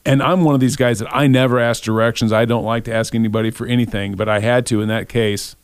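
A man's voice: mid-range voice, fairly even intonation, fast talker, smooth, no room sound. A middle-aged man giving a devotional, telling a personal story in a conversational way and voicing his own thoughts aloud.

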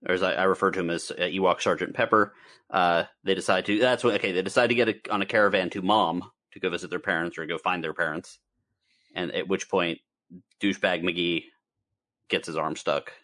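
Deep-voiced man riffing on a movie. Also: fairly even intonation, brisk, sharp tone. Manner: laughs often, trailing restarts. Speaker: podcast co-host. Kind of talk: casual movie-review chat.

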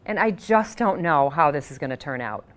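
A woman with a fairly low voice leads a guided tapping session, speaking calmly at a measured pace. Her audible sighs guide the listener's breathing.

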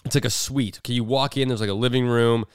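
A man hosting a podcast, chatting casually and telling animated stories, acting out the people in them. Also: medium pitch, quick pace, clean tone, no room sound, clean studio sound. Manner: animated storyteller, mimics others. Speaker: podcast host. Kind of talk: casual chat.

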